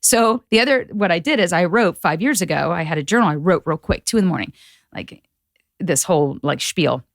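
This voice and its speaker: A woman guest on a podcast, chatting casually and acting out quotes with lively voices. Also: on the low side, brisk, dry recording, clean studio sound. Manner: animated storyteller acting out quotes. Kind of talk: casual chat.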